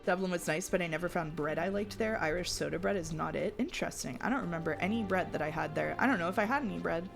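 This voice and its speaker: A woman with a low voice and a gravelly, creaky edge chats her way through a game stream. She rambles in a loose, casual way, reads chat out loud and restarts sentences as she goes. Soft game music plays faintly behind her. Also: fast, few pauses. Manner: chatty, reads chat aloud, trails off and restarts. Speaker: streamer playing a life-sim game.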